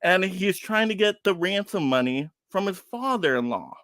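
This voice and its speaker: A slightly high-voiced man talks through a film review in a casual online round table. He gets animated and exasperated as he picks the plot apart, and his voice sits close and dry with no room around it. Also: normal speed, dry recording. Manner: animated, exasperated ranting about plots. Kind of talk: casual video chat review.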